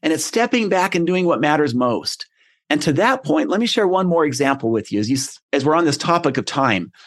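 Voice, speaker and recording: A man's voice: on the high side, big pitch swings, fairly quick. A middle-aged man hosting a motivational podcast, telling stories in an earnest, conversational way. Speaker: podcast host.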